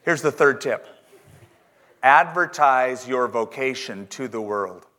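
A man preaching a sermon in church, reading scripture slowly and emphatically, with joking asides. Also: medium pitch, lively intonation, sharp tone. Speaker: pastor.

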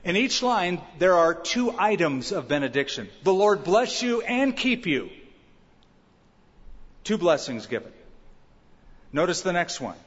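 A pastor preaching an expository sermon, emphatic and asking the congregation questions. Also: male voice, sits high, very animated, a little slow, long pauses, slightly rough. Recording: dull reverberant church sound.

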